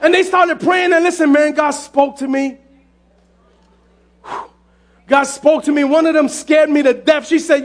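A male pastor preaching a sermon, often shouting, telling his story with lively exclamations. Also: very high voice, normal speed, hardly any pauses. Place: church sanctuary.

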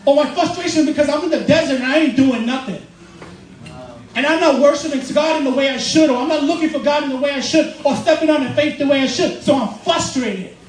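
A man preaching a sermon in a church, loose and joking, laughing through his points. His voice sits high and moves fast. The mic is set back, so the sound is roomy with faint noise behind. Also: distant mic. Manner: casual, joking, laughs often while preaching. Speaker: pastor.

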